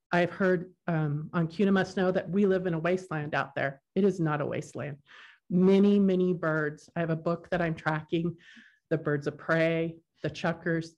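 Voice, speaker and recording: A woman's voice: lowish voice, lo-fi sound. A resident woman giving unprepared, emotional public comment at a council meeting, earnest and insistent. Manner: emotional, earnest, a bit unrehearsed. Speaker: resident testifying at a public hearing.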